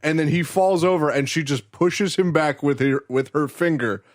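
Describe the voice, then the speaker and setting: A young man co-hosting a podcast, retelling an anime episode in an animated, laughing, swearing way. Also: fairly high pitch, moderate pace. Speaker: podcast co-host. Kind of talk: casual anime recap chat.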